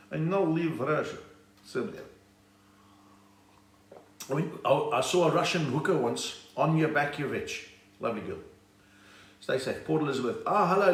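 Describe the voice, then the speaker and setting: A man's voice: on the high side, recorded from a distance. A South African man hosting a comedy live stream from home, chatting and punning as he greets viewers by name. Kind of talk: casual live-stream chat reading viewer comments. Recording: roomy sound, voice set back from the mic.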